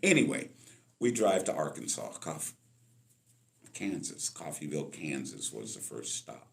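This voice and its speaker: Older male guest storyteller, very low, gravelly, lively and animated. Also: measured pace. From Los Angeles, California. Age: 60s. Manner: animated storyteller, acts out voices in his anecdotes. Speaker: guest musician. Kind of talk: storytelling interview.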